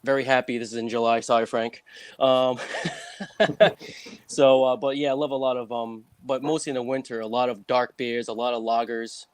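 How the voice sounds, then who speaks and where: A man's voice: medium pitch, level tone, moderate pace, clean tone, no echo. Rambling New England man on a call. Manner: rambling, filler-heavy, chuckling. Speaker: guest author. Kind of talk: casual video-call interview. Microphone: video call.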